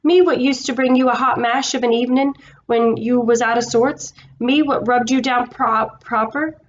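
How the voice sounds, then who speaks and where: A woman voicing a gruff working-class cab driver in a storybook reading, blustering and indignant. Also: fairly high pitch, steady tone, normal speed, muffled recording, a little hiss or hum, natural voice.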